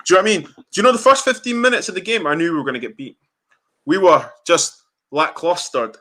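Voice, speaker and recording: A man's voice: sits high, fast talker. A young man, hosting a football fan reaction show, ranting angrily and swearing in a heated chat. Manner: angry, ranting, swearing, animated. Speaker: fan channel host.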